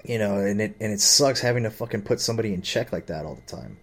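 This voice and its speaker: A man's voice: fairly low pitch, expressive, quick pace, gravelly, fairly bright tone. A man telling a rambling, profane story about his father and his boss, full of fillers and agitation. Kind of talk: rambling personal rant.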